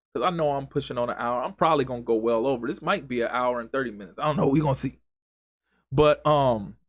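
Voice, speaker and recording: A man's voice: mid-range voice, no echo. A man hosting a solo podcast, speaking in an impassioned, emphatic way with lots of repetition and casual grammar. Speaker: podcast host.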